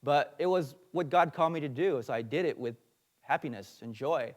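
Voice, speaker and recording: A man's voice: fairly high pitch, normal speed. A man, a pastor, giving an earnest teaching sermon with fillers and personal asides.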